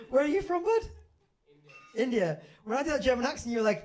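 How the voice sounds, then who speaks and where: A man's voice: very high-pitched, sing-song, moderate pace. A man with an English accent doing stand-up, teasing the audience in cheeky banter at a comedy club. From England. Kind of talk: stand-up comedy with crowd work. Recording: live club with loud crowd laughter.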